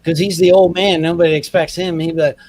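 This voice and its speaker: Young man, podcast co-host, high voice, animated storytelling, casual chat. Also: fast talker, no room sound. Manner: animated storyteller acting out his dad's lines. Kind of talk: casual chat, telling family stories.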